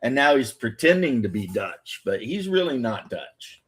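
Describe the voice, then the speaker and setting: A man's voice: mid-range voice, big pitch swings, moderate pace, a bit bright, breathy edge. A man chatting casually on a video call, rambling and hesitating as he talks. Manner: rambling, hesitant, with many fillers. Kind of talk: casual chat.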